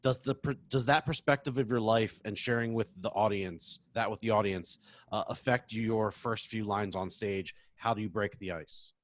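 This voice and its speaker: A man with a low voice moderates a Q&A workshop and reads out audience questions. He stumbles and restarts as he reads. The sound is dry, with no room echo, as on a video call. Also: steady tone. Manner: halting, stops and restarts when reading questions aloud.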